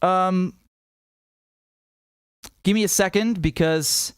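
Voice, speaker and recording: A man's voice: high-pitched, takes it slowly, clean tone, dry recording, clean studio sound. A man hosting a live stream, commenting casually and answering chat in a blunt, profane way, with many restarts, while nursing a headache. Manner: blunt, profane, animated, with many repeated words. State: has a headache.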